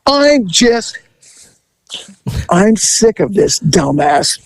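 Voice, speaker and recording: A man's voice: sits high, drawn-out words, vocal fry, dry recording, poor audio. A man hosting a podcast, telling a comic police story with laughter and voice impressions. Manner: animated, laughing, mimics voices.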